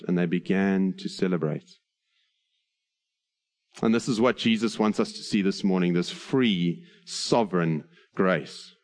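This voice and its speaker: A man preaching an earnest sermon, slowing on key phrases and adding light humor. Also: deep voice. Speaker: pastor.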